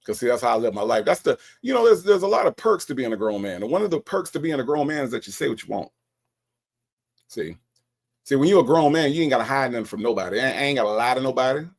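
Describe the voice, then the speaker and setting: A man's voice: mid-range voice, very animated, brisk, gravelly, pauses often. A man giving blunt, scolding commentary in a casual, mocking way. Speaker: commentator reacting to a call recording.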